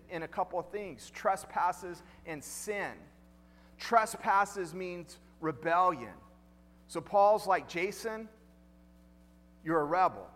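In a large hall, a male pastor with a high-pitched, slightly bright voice delivers a conversational sermon, putting questions to the congregation and repeating key lines.

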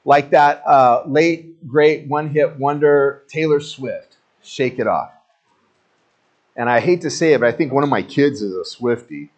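A man preaching a sermon in a conversational, animated storytelling way with joking asides. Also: mid-range voice, a little slow, dull audio. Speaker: pastor.

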